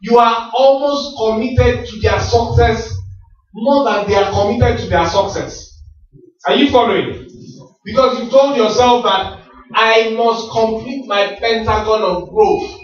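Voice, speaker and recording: A man's voice: very high-pitched, a little slow. A man giving a motivational talk at a business rally, with a preacherly way of asking the audience questions and answering them himself. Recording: very echoey hall, distant mic, dull sound.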